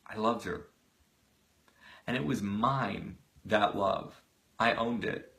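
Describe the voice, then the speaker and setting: A man voicing a gentle, soft-spoken grown man who speaks quietly and calmly while retelling a film scene. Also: fairly low pitch, takes it slowly, creaky, exaggerated voice. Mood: tender calm. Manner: quiet, calm, tender.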